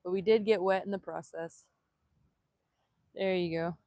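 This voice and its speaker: A woman vlogger chatting excitedly on a live stream outdoors, laughing often and filming on a handheld phone. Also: lowish voice, measured pace, no room sound. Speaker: vanlife vlogger. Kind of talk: casual live-stream chat. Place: outdoors in Hawaii.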